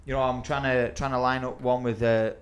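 A man's voice: medium pitch, flat delivery, fairly quick. A man hosting a casual podcast as a football coach, talking eagerly and promoting his camps.

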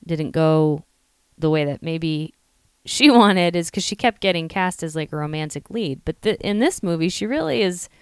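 A woman's voice: fairly low pitch, animated, darkish tone, smooth, dry recording, clean studio sound. A woman co-hosting a podcast, discussing a film in a chatty way full of "like". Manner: chatty, lots of "like", quick laughs. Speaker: podcast co-host.

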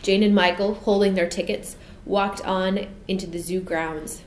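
A woman narrating a children's storybook in a gentle, measured way. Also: mid-range voice, steady tone. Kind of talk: storybook reading. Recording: echoey room, faint noise.

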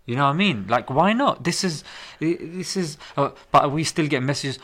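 A man's voice: fairly high pitch, fairly quick, hardly any pauses. Emphatic man who keeps saying bro. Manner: animated and emphatic, often says "bro". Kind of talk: casual discussion.

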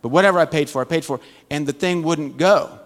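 A man's voice: on the high side, a little fast. A man teaching a Bible study, giving a conversational, folksy sermon full of humorous stories. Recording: long church-hall reverb.

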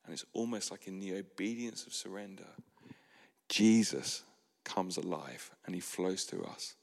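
Pastor guy preaching, low gravelly voice, big hall echo. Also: measured pace. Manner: earnest, soft-spoken with sudden emphatic rises. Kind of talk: sermon. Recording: long hall reverb.

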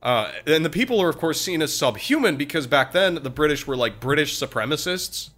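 A man casually telling a history story as a podcast co-host, animated and profane, slipping into voices for quotes. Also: fairly high pitch, fairly quick.

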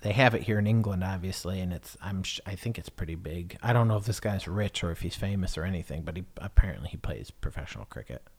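A man with a lowish voice hosts a podcast alone in a loose, rambling monologue. He hesitates constantly, restarts his sentences and swears offhandedly as he goes. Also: animated, fast, vocal fry, hardly any pauses, a little mellow, slightly rough. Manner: hesitant, full of fillers and restarts, swears freely. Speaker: podcast host.

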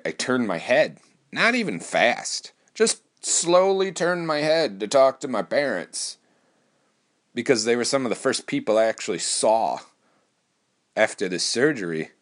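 Male podcast host, low voice, casual swearing monologue, many restarts. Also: fairly bright tone. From Wisconsin. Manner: rambling and profane, with frequent restarts.

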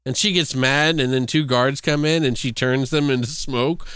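Animated man recapping a movie, dry close mic. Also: mid-range voice, moderate pace, smooth, no room sound. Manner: animated retelling, acting out characters' lines. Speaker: podcast co-host. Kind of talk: casual movie review chat.

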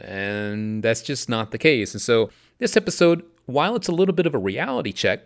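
A man's voice: mid-range voice, very animated, normal speed. A man hosting his own podcast, talking in an upbeat, chatty and emphatic way about mindfulness. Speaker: podcast host. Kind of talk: casual motivational talk.

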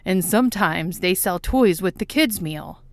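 A woman voicing a shy, socially awkward nerd of a man in a storybook reading. He speaks haltingly and earnestly, a bit louder and slightly raised. The recording is close and dry. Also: lowish voice, lively intonation, no room sound. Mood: nervous. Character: nervous awkward nerdy man, shy and needy.

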